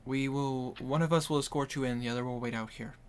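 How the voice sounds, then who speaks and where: A businesslike city guard in a tabletop game, played by a man. He speaks in a flat, matter-of-fact way at a middling pitch, with no theatrics. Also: fast talker, clean tone, lightly acted.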